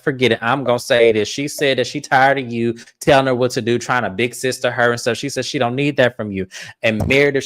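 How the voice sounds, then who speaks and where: Profane, animated male recap host. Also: mid-range voice. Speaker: podcast host. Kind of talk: casual recap chat.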